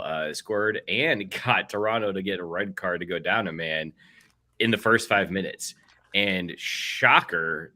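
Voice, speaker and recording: A man's voice: on the low side, a bit bright. A man co-hosting a casual sports podcast, wry and self-deprecating. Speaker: co-host, soccer updates.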